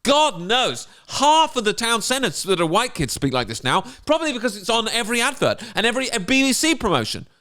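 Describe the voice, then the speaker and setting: A man's voice: very high-pitched, very animated, brisk, hardly any pauses, sharp tone. A man, a comedian ranting sarcastically, mocking and indignant. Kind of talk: ranting commentary.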